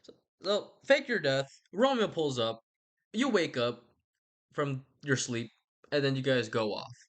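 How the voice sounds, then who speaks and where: A young man tells a story in a loose, rambling way, full of sarcasm and casual swearing. His pitch leaps around a lot as he talks. The tone stays offhand and jokey throughout. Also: expressive, measured pace. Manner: casual, sarcastic, swears, acts out characters in quotes. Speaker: youtuber recapping a book. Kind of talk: rambling comedic recap.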